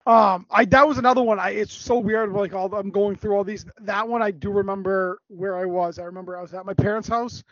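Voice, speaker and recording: A man's voice: high-pitched, fairly even intonation, a bit bright, no room sound, lo-fi sound. A man co-hosting a podcast, swearing freely and chatting loosely. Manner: swears a lot, fast and loose. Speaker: podcast co-host. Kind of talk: casual chat.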